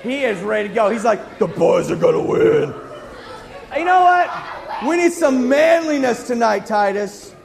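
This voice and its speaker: A man leading a children's church song game, coaxing the kids and singing and shouting cues. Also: very high voice, big pitch swings, a little slow, gravelly, some chatter behind.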